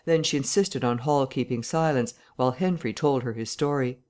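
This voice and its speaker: A man narrating a classic novel audiobook in a measured, even reading. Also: medium pitch.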